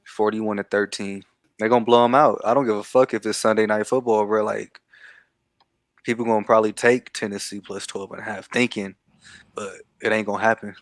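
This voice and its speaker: A man with a somewhat low voice talks sports picks bluntly and with conviction. He swears freely and sounds completely sure of his calls. The sound is dry and close. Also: little pitch movement, brisk, no room sound. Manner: emphatic and blunt, swears freely, confident predictions. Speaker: co-host. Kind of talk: casual sports betting chat.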